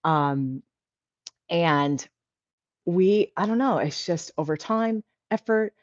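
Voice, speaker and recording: A woman's voice: fairly low pitch, lively intonation, slow, no echo, lo-fi sound. A woman hosting a casual livestream, chatty and encouraging, reading out viewer comments. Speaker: livestream host.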